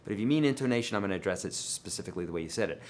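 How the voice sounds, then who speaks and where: On a live guitar Q&A, a male host responds to viewers' questions casually and with emphasis, speaking to them as friends. He's animated and talks very fast, his volume and pitch swinging widely.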